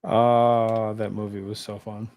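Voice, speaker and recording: A man's voice: lowish voice, level tone, slow pace, darkish tone, no echo. Man, live-stream host, casual chat, rambling, lots of fillers and restarts, talks to chat viewers. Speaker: streamer hosting a live show.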